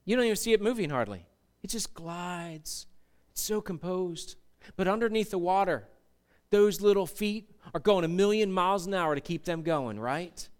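A man preaching a sermon in an animated way, acting out quotes in put-on voices. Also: high-pitched, moderate pace, smooth. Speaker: pastor.

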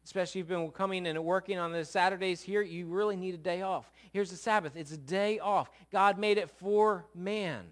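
A man preaching a sermon, moving between loud emphatic exclamations and low, quiet asides. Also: steady tone, brisk, few pauses. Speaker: pastor.

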